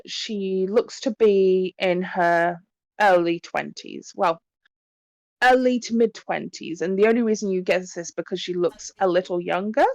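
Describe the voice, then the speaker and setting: A woman's voice: lowish voice, gravelly, no room sound. A woman narrating a tabletop horror game as game master, in a chatty way full of ums and likes.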